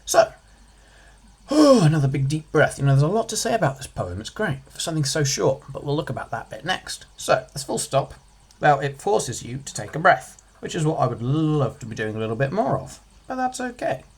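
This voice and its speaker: Chatty man with a lively voice. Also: a little high, normal speed, husky. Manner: chatty, jokey asides, stresses single words. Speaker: English revision tutor. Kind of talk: casual revision lesson.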